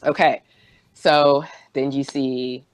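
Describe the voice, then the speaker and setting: A woman's voice: extremely low pitch, fairly even intonation, slow, no room sound. A woman co-hosts a casual podcast chat, recapping a show scene by scene. She laughs often and slips into little voices for each character. The sound is dry and close. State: out of breath. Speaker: podcast co-host.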